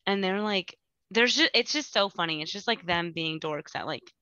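A woman's voice: medium pitch, expressive, normal speed, bright, forceful tone, no echo, dull audio. A woman guest on a podcast, chatting casually and rambling with lots of "like". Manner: rambling, full of "like". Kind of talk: casual chat.

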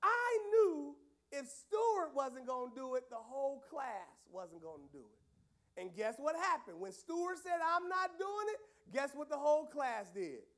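A youth pastor telling a story to young people in a lively, casual way, with loud outbursts. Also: male voice, very high voice, a little slow.

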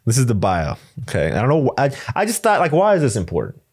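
A man co-hosting a podcast, chatting casually, animated and laughing often. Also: medium pitch, fast talker. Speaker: podcast co-host. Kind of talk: casual chat.

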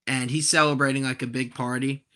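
A man in his twenties, a podcast guest, telling a comic story in a profane, animated, exasperated way. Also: mid-range voice, a little fast.

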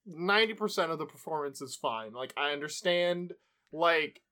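A man with a high voice, co-hosting a casual film podcast. He jokes around, laughs easily and swears now and then. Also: lively intonation, normal speed, bright, forceful tone. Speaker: podcast co-host.

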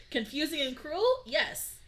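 Bright-voiced woman co-hosting a chatty podcast. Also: high voice, slow. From Nevada. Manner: reads quotes then riffs with laughing asides. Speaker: podcast co-host. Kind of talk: casual chat, reading items aloud.

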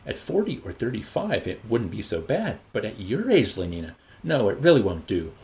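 A prim, sensible young woman fussing at her friend in a lively, rising voice, put on by a man reading a novel aloud. Her scolding is chatty and insistent, with a faint hiss of room ambience behind her. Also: on the low side.

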